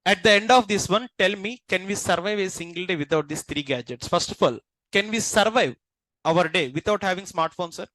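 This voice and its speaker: A man, lecturing a class as instructor and constantly checking understanding with quick questions. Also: sits high, fairly bright tone, no echo, poor audio.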